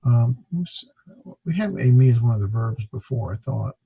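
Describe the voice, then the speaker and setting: A man lecturing a beginner Greek class, his voice a little husky and recorded close and dry. He talks in a loose, halting way, full of fillers and restarts, and corrects himself as he goes. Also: medium pitch, animated, warm tone, dry recording. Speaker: Greek teacher.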